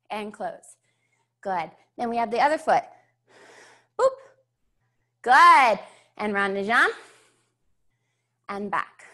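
A woman's voice: on the high side, sharp tone. A young woman teaching a beginner ballet class, a little out of breath, cueing steps, counting beats and checking in with her students. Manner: encouraging, counts beats aloud, checks in with "yeah?". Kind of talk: online dance class instruction.

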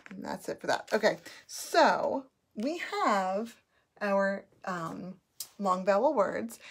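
A woman teaching a phonics lesson, sounding out letters and words patiently for children to repeat. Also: mid-range voice.

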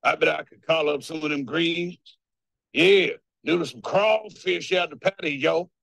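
An actor playing a folksy, boastful male soldier in a comedy film, in a husky put-on drawl. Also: fairly high pitch, unhurried, fairly bright tone, no room sound, exaggerated voice.

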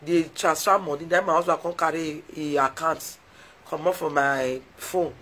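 A woman with a deep, fairly bright voice talks to her live stream viewers in a Nigerian Pidgin English accent, keeping a steady tone and moderate pace while effusively, emotionally thanking them over and over. The recording is low quality.

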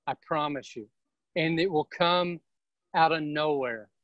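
Energetic higher-voiced man giving a pep talk. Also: a little slow, no echo, highs cut off. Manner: energetic, emphatic, preachy. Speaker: real estate team leader giving a seminar. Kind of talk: motivational seminar talk.

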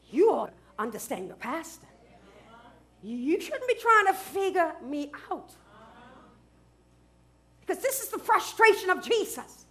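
A middle-aged woman pastor preaching a sermon in church, building to shouts and drawing call-and-response from the congregation. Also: high voice.

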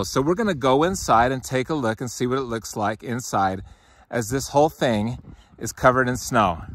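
Breathless bright-voiced farmer filming himself. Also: male voice, on the high side. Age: 40s. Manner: upbeat, addresses viewers as guys. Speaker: farmer and channel host. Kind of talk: casual walk-and-talk farm vlog. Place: outdoors in snow and inside a greenhouse. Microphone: handheld camera, filming himself.

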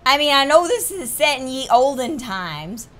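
A woman's voice: sits high, big pitch swings, moderate pace, a bit bright, slight background noise. Wry young woman joking through a game. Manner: reads game dialogue aloud, jokey asides, swears casually. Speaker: gaming video host. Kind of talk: let's play commentary.

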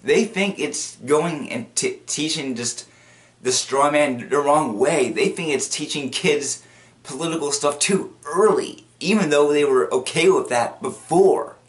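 A man's voice: fairly high pitch, unhurried. A man casually recapping a cartoon episode, rambling and repetitive with many restarts, bursting into acted quotes. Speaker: video commentator.

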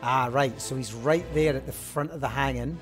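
A man's voice: medium pitch, normal speed. A man hosting a let's-play, talking casually and thinking aloud as he works through clues. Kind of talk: casual game commentary. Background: game music.

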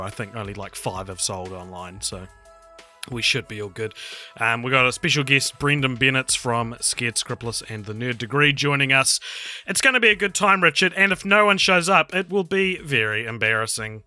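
Bright-voiced joking podcast co-host man. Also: medium pitch, lively intonation, a little fast, faint music behind. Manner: joking, rambling, dry teasing. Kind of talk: casual podcast chat.

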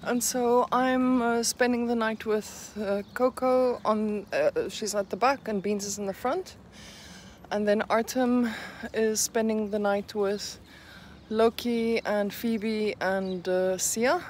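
A woman's voice: on the high side, fairly even intonation, takes it slowly, a little mellow, slight background noise. A young South African woman vlogging casually, chatting and cooing baby talk at her dogs. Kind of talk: casual daily vlog. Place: home and outdoor walk.

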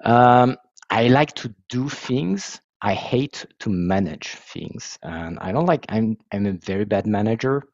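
A man from France with a French accent, presenting his background on a video call in a self-deprecating, halting way. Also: on the low side, animated, creaky, no echo, dull audio. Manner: self-deprecating, hesitant restarts. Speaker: software founder and facilitator.

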